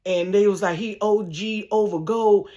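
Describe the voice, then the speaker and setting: A woman telling a funny personal story in a casual vlog from her bedroom, animated and laughing, acting out sounds. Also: mid-range voice, moderate pace. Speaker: storyteller vlogger.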